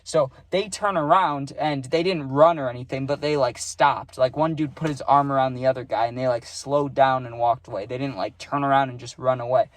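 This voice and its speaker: A man's voice: mid-range voice, fairly even intonation, a little fast, hardly any pauses. A young man telling a casual storytime, rambling with lots of "like" and "right?", and swearing freely.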